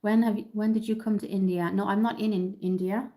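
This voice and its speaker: Irish woman doing a live makeup tutorial, bit blocked up and nasal, mellow darker tone, lots of ums. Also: mid-range voice, fairly even intonation, a little fast, low-quality recording. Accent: Irish, Dublin. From Ireland. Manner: chatty, reads out and answers viewer comments, many ums. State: nasal from an oncoming cold. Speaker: makeup livestream host.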